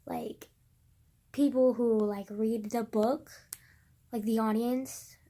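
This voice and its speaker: A woman's voice: fairly high pitch, steady tone, takes it slowly, dark tone. Rambling, swearing young woman vlogger. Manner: rambling, swears a lot, drifts into whispers. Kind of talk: casual rambling vlog.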